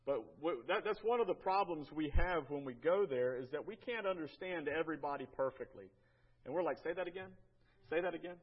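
An American man giving a church slideshow talk about a mission trip, folksy and halting, often repeating his words. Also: on the high side, animated, husky, muffled recording. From United States.

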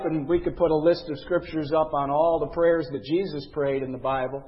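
Earnest male Bible teacher, slightly raised pitch, recorded with long reverb. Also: dull audio. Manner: earnest, conversational teaching with emphatic scripture readings. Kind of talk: Bible lesson.

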